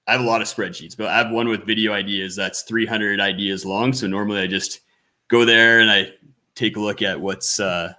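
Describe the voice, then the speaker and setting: A man's voice: lowish voice, sharp tone. A man from Canada, a guest on a podcast, who talks in a casual, nerdy, detail-focused way and often restarts his words. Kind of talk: casual interview chat.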